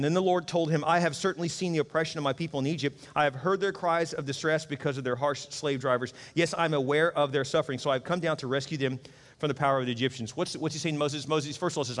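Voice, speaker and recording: A middle-aged pastor preaches in a relaxed, conversational way, slipping into the voices of the people he quotes. His voice sits a little high for a man, and a long reverb from a large hall trails after his words. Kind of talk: sermon.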